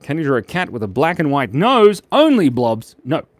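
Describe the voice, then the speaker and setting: A man's voice: on the high side, wildly swooping pitch, normal speed, dry recording. A man hosting a live drawing stream in a playful, chatty, jokey way. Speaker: host and illustrator.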